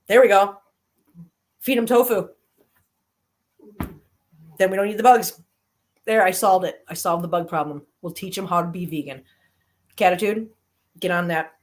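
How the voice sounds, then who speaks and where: A woman hosting a live stream, chatting casually with viewers and telling stories animatedly, swinging from low grumbles to high squeals. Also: fairly bright tone.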